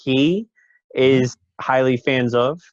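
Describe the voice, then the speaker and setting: A man's voice: medium pitch, takes it slowly, smooth, no echo, muffled recording. A young man co-hosting a casual talk show, speaking in a laid-back, rambling way. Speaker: podcast co-host. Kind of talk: casual chat.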